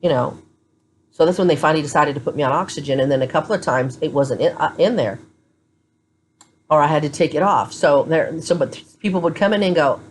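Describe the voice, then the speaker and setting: A woman with a low voice chats to her phone camera from a hospital room. She sounds tired. She tells her story bluntly and candidly, like a vlogger keeping it real. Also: a little fast, a little hiss or hum. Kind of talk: casual chat to camera.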